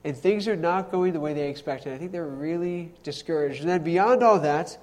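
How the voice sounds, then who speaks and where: Man, young adult, pastor, sermon, conversational, self-deprecating, slightly high voice. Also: moderate pace.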